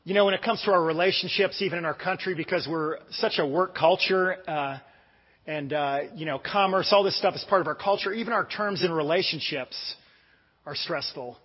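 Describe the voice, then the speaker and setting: A middle-aged American pastor with a somewhat high voice who preaches in a relaxed, story-driven way, full of "uh"s and restarts. The sound is a bit muffled and carries a long hall reverb from the church. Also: male voice, moderate pace. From United States. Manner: conversational storytelling with many fillers and restarts. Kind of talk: casual sermon.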